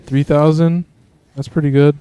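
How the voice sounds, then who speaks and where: Male streamer, laid-back game commentary, smooth voice, dry close mic. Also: a little high, flat delivery, normal speed, dark tone, dry recording. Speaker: streamer host. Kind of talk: gameplay commentary.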